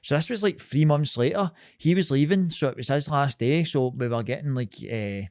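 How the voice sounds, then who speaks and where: In a dry, studio-quality recording, a podcast co-host in his thirties with a Scottish accent speaks at normal speed in a slightly high voice. He's lively and sweary, laughing as he tells his story in casual chat.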